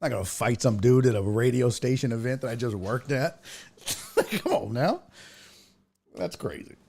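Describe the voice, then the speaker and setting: A man hosting a podcast, telling a story in casual chat, swearing freely and building to loud rants. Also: mid-range voice, moderate pace, creaky, breathy edge. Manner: profane, animated, rising to loud rants. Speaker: podcast host.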